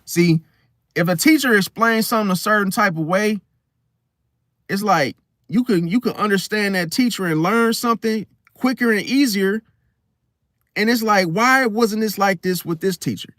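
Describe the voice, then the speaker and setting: Animated young man telling a story. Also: sits high, moderate pace, no echo, studio quality. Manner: animated storytelling, slangy, swings loud and soft. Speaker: host. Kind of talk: casual talk to camera.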